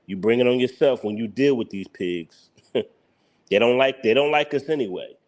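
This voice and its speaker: A man's voice: medium pitch, moderate pace. Man, Philadelphia accent, live stream host, blunt heated rant, repeats himself. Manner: blunt, heated, repetitive, laughs mockingly.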